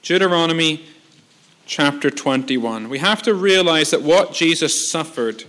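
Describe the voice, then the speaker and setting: A man's voice: a little high, expressive, unhurried, fairly bright tone. A man preaching a sermon as pastor, earnest and emphatic, with repeated phrases and rhetorical questions.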